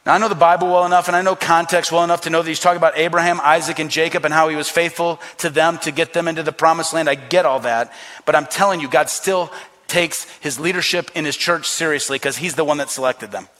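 Bright, high-voiced preaching man. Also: fairly even intonation, fast. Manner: emphatic, repetitive preaching with acted-out quotes. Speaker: pastor. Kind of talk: sermon.

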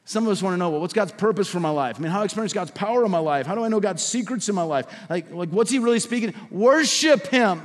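A male pastor delivering a sermon in a church sanctuary. He pushes up to loud, emphatic peaks, then falls back to hushed, intimate asides. His voice sits high and carries a long reverb tail from the hall. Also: rapid-fire, hardly any pauses. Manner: preaching with swelling emphasis and sudden drops to a hush.

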